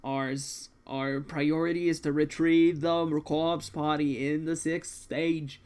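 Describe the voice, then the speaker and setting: Guy reading as a cold scheming president, slow and measured. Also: on the high side, flat delivery, a little mellow, clean tone. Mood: commanding. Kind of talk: manga read-along voice acting.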